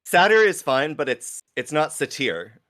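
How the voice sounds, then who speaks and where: A man chatting casually during a tabletop game, animated and quick to argue a point. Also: a little high. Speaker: player. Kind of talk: casual chat.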